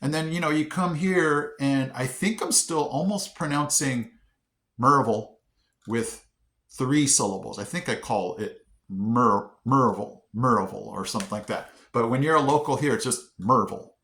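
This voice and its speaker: A man chatting casually to his viewers, sounding out words haltingly with lots of fillers. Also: mid-range voice, a bit bright, reverberant. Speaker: vlogger. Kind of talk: casual chat to camera.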